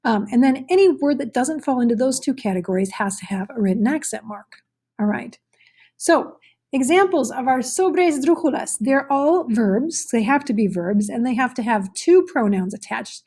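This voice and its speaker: A woman's voice: on the high side, dark tone, slightly rough. A woman teaching a recorded Spanish pronunciation lesson, explaining patiently with frequent fillers.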